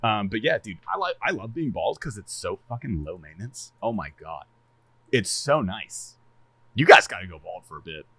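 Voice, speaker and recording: A man casually chatting on a podcast, animated and laughing a lot, swearing freely and stumbling over repeated words. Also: fairly low pitch, moderate pace, breathy edge, no echo. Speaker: streamer and podcast co-host.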